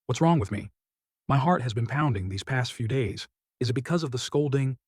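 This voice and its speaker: A man voicing a weary, modest young male vassal who answers in a flat, listless way. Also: medium pitch, brisk, husky, no room sound, clean studio sound.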